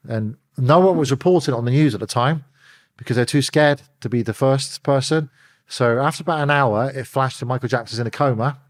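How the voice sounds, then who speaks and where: A middle-aged man, telling stories as an interview guest and acting out the phone calls he describes. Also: medium pitch. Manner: animated storyteller, acts out phone calls. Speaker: interview guest, former bodyguard. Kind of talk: candid storytelling in an interview.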